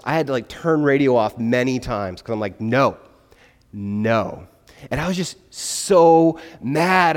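A man preaching a sermon, animated and conversational, acting out little exchanges in put-on voices. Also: a little high. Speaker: pastor. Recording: long hall reverb.

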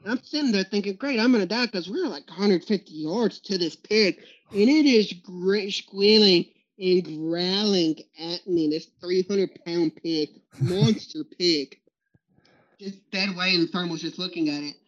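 A man's voice: high-pitched, unhurried. A man with a drawl tells hunting stories as a podcast guest, laughing often and playing out each quote with gusto. The recording is dull and lo-fi, the top end rolled off. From Texas. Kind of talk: storytelling in a podcast interview. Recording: muffled lo-fi recording.

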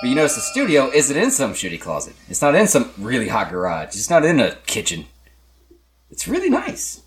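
A man's voice: medium pitch, wildly swooping pitch, fairly quick, music in the background. A man acting as game master, narrating a tabletop role-play in a joking, loose way.

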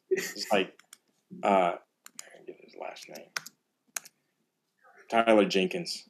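Man, percussion teacher, casual animated storyteller on a podcast. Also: fairly low pitch, takes it slowly, long pauses.

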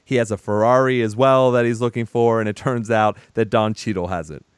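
A man's voice: lowish voice, steady tone, fairly quick, smooth, no room sound, studio quality. A man recapping a film in casual chat, animatedly acting out the characters' lines. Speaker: podcast co-host.

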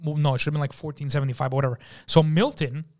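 A man with a fairly high voice spins a story in loose podcast chat. He is animated and swears freely, and he slips into the voices of the people he describes. He is recorded on a studio microphone. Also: racing. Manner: animated, profane, acts out the people in his story. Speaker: podcast guest. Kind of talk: casual storytelling.

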